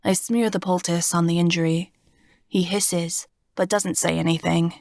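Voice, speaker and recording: A woman reading a first-person fantasy audiobook in a steady, expressive storytelling voice, recorded on a close studio mic. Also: on the low side, normal speed, creaky, no echo. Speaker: audiobook narrator.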